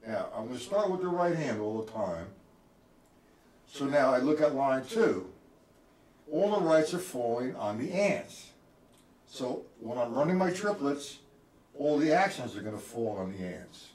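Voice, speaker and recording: A man's voice: mid-range voice, big pitch swings, measured pace, background noise. A man teaching a live-streamed drum lesson, counting beats aloud and quizzing his viewers by name. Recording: roomy, from a distance.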